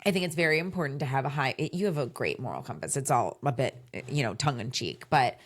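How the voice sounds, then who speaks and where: A woman co-hosting a casual chat show, telling stories with animated delivery and acting out the people she quotes, a little under the weather. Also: rumbling low, quick pace. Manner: animated storytelling, acts out quoted voices. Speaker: podcast co-host.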